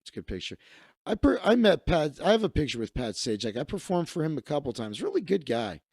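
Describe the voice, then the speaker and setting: A man around thirty riffs through a comic monologue, swearing freely and cutting himself off mid-thought. His voice sits a little on the high side. The sound is close and dry, with no room echo. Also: sing-song, a little fast, creaky, darkish tone, slightly rough. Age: 30s. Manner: profane, rambling, self-interrupting. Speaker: comedian and magician hosting a livestream. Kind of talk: casual comedic rant.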